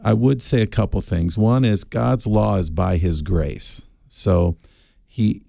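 Middle-aged male radio guest, dark gravelly tone, earnest and halting, dry booth mic. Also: on the low side, dry recording. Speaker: guest Bible teacher. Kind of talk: radio call-in Bible answers.

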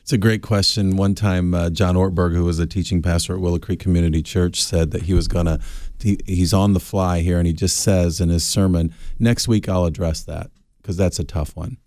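Deep gravelly radio guest. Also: male voice, steady tone, a little mellow, dry recording. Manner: earnest, halting with fillers. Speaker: guest Bible teacher. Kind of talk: radio call-in Bible answers.

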